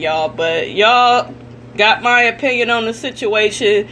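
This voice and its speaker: Bright-voiced woman ranting blunt gossip. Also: mid-range voice, slow, a little hiss or hum. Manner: blunt, profane and indignant, addressing viewers directly. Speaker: celebrity gossip vlogger. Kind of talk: ranting commentary vlog.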